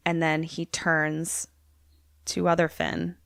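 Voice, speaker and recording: A woman podcast co-host in casual chat, telling a horror film's plot in an animated way and acting out the characters. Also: deep voice, slow, vocal fry, no room sound, clean studio sound. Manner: animated storytelling, acts out the characters.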